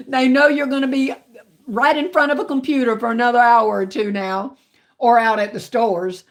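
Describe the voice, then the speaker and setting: A woman's voice: fairly high pitch, fairly even intonation, moderate pace. A woman with a Southern country twang, hosting a casual livestream and chatting with viewers, calling them baby and honey. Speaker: livestream host. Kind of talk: casual live chat reading viewer comments.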